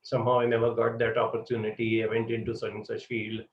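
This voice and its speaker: A man giving students advice, telling an animated story full of "uh" and "you know". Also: mid-range voice, quick pace, slight background noise. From India. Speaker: psychology mentor. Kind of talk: advisory talk with storytelling. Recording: roomy, distant, dull lo-fi sound.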